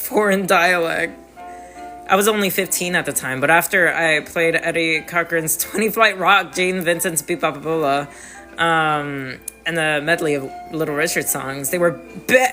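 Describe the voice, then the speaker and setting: A man voicing a cocky young male rock musician, boastful and quick to laugh, in a game read-through. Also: a little high, sharp tone, soft background music.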